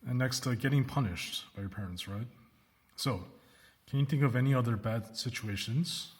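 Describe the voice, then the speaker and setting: Mid-pitched male English teacher in a reverberant room, clear patient lesson delivery with drawn-out model phrases. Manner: slows down to model example sentences, checks with "right?" and "okay?". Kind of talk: recorded classroom lesson.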